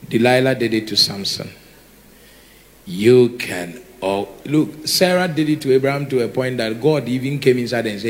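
A man preaching a sermon, lively and repeating words for emphasis as he calls out to the congregation. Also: a little high.

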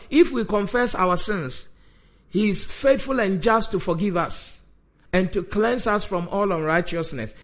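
Male preacher with a very high voice, forceful, repetitive delivery that rebukes the congregation. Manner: emphatic, repetitive, scolding the congregation directly. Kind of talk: sermon.

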